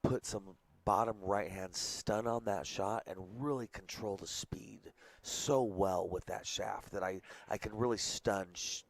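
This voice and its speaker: A man giving casual, joking color commentary on a pool match, dropping his voice to a hush during shots. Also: fairly low pitch, steady tone, measured pace, gravelly, hardly any pauses.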